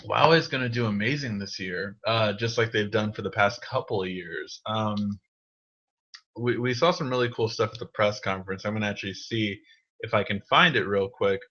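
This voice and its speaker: A man's voice: on the low side, normal speed, sharp tone. A man hosting a live tech Q&A, casually answering viewer questions with many ums and restarts. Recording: dull lo-fi stream audio.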